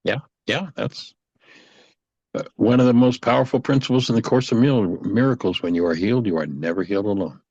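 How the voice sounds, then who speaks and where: A man hosting a coaching conversation on a video call, offering gentle, measured suggestions. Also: lowish voice, breathy edge, no room sound, highs cut off. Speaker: host and teacher.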